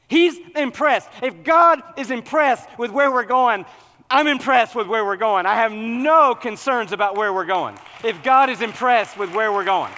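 Animated preaching man in a big hall. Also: very high voice, moderate pace. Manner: animated, humorous, builds to loud excited preaching. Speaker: pastor. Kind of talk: sermon.

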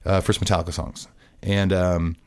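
This man's deep voice comes through at normal speed with no echo as he co-hosts a podcast. The chat is casual and relaxed, and he rambles, restarting often and leaning on fillers.

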